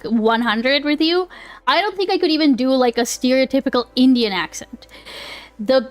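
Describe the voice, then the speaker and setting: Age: adult. Sex: woman. Role: live streamer. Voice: rather high. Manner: rambling, swearing, laughing. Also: a bit bright. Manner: rambling, swears freely, laughs often, many restarts. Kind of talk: casual live-stream chat with viewers.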